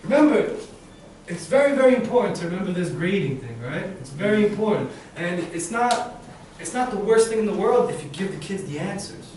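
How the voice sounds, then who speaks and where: A man leading a live teacher-training session in a classroom, energetic and demonstrative, often acting out his examples. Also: sits high, a little fast. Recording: very echoey room, far mic, faint noise.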